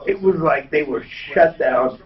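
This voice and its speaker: A man hosting a radio talk show, telling a story with lively acted-out quotes. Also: fairly high pitch, measured pace, distant mic, muffled recording. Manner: animated storyteller, acts out quotes. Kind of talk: casual studio chat.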